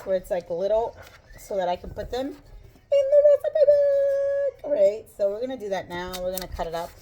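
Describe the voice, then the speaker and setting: A woman's voice: medium pitch, a little mellow. Casual woman vlogger, out of breath, rambling kitchen chat with faint noise behind. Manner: chatty, rambling, self-joking. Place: home kitchen.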